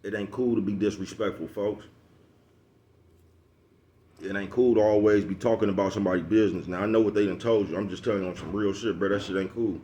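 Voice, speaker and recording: Low-voiced man preaching blunt street advice. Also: fairly even intonation, fast talker, warm tone. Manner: profane, preachy, repeats "you know what I'm talking about"; slangy, calls listeners bruh and folks. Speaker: vlogger giving street advice. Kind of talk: casual advice monologue.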